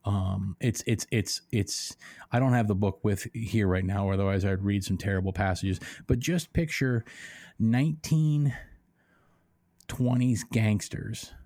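A man's voice: lowish voice, measured pace, a little mellow, no echo, clean studio sound. A man co-hosting a podcast, ranting in a rambling, profane, mocking way. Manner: rambling, swears a lot, mocking. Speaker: podcast co-host. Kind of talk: casual profane chat.

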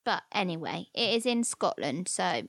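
A woman's voice: fairly low pitch, very animated, moderate pace, gravelly, a bit bright, no echo, studio quality. A woman co-hosting a podcast, chatting casually, enthusiastic and giggly. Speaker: podcast co-host. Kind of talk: casual chat.

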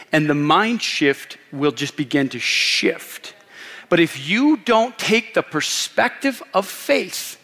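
Storytelling pastor in a reverberant church. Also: male voice, a little high. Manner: storytelling, animated, laughs often. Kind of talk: sermon. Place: church sanctuary. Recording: long hall reverb.

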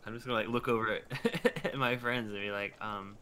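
A man's voice: medium pitch, steady tone, fairly quick, pushed and bright, a little hiss or hum. A man playing a tabletop game, easygoing in manner. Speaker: player.

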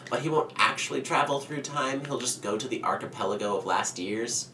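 On a casual podcast, a male co-host with a mid-range, fairly quick, sharp voice recaps a movie, swearing, laughing and doing mock character voices. The mic is distant, with roomy echo and faint background noise.

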